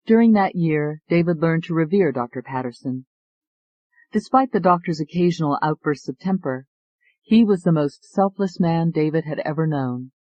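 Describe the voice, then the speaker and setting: A man reading an audiobook as narrator, measured and even. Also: fairly high pitch, no room sound, dull audio. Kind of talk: scripted narration.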